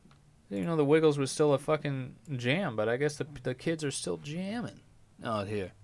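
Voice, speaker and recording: A man's voice: fairly high pitch, expressive, fairly quick, gravelly, darkish tone. A young man hosting a podcast, reading news stories aloud and reacting with crude, irreverent jokes. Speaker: podcast host.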